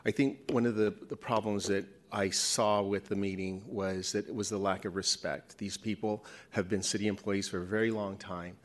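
A man who heads an employee association, giving a measured, earnest complaint during public comment at a city commission meeting. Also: on the low side, steady tone.

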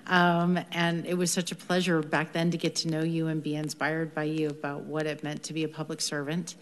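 A woman's voice: deep voice, monotone, brisk. A woman council member thanking a colleague earnestly at a city council meeting.

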